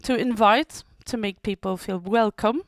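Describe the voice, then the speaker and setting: Woman, medium pitch, deliberate speech pacing, dry close recording. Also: no room sound. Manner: measured, deliberate delivery. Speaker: speaker and event moderator. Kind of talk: prepared speech.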